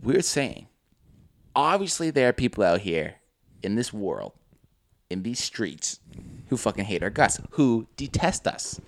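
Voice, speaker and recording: A man's voice: on the low side, very animated, unhurried, pauses often. A man co-hosting a casual podcast, telling a story animatedly with acted-out quotes and swearing. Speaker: podcast co-host. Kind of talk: casual chat.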